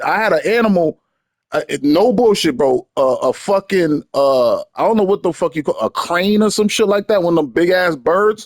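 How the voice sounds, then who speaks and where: A young man swaps profane, slang-heavy stories with friends over a video game. His voice sits fairly high and swings up and down a lot as he talks. The sound is dry and close, with no room around it. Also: no echo. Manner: profane, slangy storytelling with frequent laughs. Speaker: gamer chatting with friends. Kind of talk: casual gaming banter.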